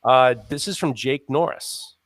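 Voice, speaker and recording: A man's voice: mid-range voice, measured pace, a bit bright, no room sound, studio quality. A man hosting a live podcast in a casual, rambling way, laughing often and swearing freely. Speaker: podcast host.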